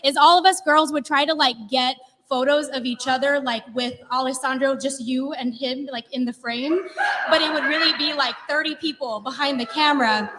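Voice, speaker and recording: A woman in her thirties telling a comedic personal story, animated and laughing, chatty with lots of "like". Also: high-pitched, moderate pace, heavy background noise. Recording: long hall reverb.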